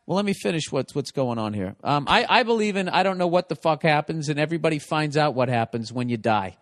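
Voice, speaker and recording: A man's voice: fairly high pitch, animated, fast talker, no echo, studio quality. A man hosting a podcast, ranting profanely and emphatically in casual comedic chat. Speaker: podcast host.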